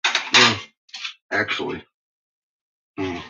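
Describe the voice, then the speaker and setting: A man chatting casually to his viewers in a workshop, laughing a lot and swearing freely as he tells animated stories. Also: deep voice, extremely slow, vocal fry, heavy background noise. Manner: laughing, profane, animated storytelling. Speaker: vlogger. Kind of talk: casual chat. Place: workshop with a kiln. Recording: muffled lo-fi recording.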